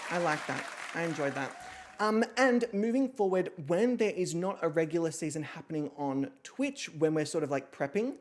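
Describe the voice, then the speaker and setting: A woman's voice: low voice, a little mellow. A woman hosting a livestream, chatting casually and rambling, with frequent swearing. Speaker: streamer and host.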